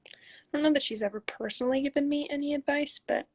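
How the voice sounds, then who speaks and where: A young woman from Canada chats through a phone livestream, reading out fan questions and answering each one casually. Her voice sits a little high, with a gravelly, husky edge, and sounds dry and close to the phone. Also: fairly even intonation, fast talker, no room sound. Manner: reads questions aloud then answers chattily. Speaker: professional soccer player answering fan questions.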